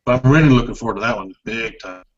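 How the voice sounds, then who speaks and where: A laid-back male co-host chatting on a livestream, blunt and chuckling, in an average-pitched voice. The audio is muffled and lo-fi. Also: quick pace. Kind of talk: casual livestream chat.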